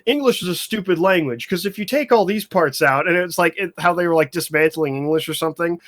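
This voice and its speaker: A man's voice: on the high side, a little fast, fairly bright tone. A man co-hosting a casual gaming podcast, rambling and swearing, often laughing. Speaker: podcast co-host.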